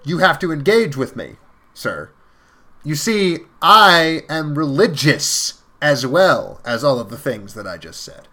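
Brief: a man playing a pushy, self-righteous soldier, slow and insistent, bright in tone. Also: fairly high pitch, big pitch swings, exaggerated voice. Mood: indignant.

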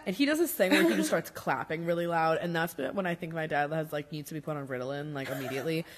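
A woman's voice: low-pitched, fast. A young adult woman chatting casually on a podcast, with lots of filler words. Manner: chatty, heavy use of "like" fillers. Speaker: podcast guest or co-host. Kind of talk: casual chat.

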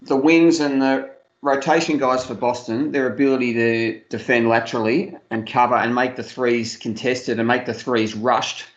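A man co-hosting a casual sports chat, relaxed and unhurried, with frequent hesitations and dry humour. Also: mid-range voice. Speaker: podcast co-host. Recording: roomy, muffled lo-fi audio.

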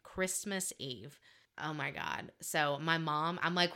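Bright, animated young woman. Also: lowish voice, a little slow, clear, resonant tone. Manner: animated, laughing, acts out quotes. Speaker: podcast co-host. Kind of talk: casual storytelling chat.

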